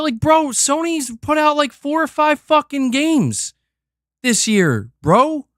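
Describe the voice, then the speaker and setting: A man's voice: very high-pitched, expressive, unhurried, a bit bright, dry recording, clean studio sound. A man hosting a stream, ranting in a heated, profane and exasperated way. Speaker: streamer host.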